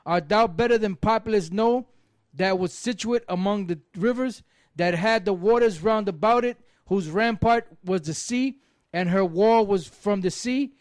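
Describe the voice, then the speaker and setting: A man with a high voice reads old scripture aloud in a steady, declaiming way. The sound is dry and close. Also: a little slow, dry recording. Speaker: scripture reader in a religious group.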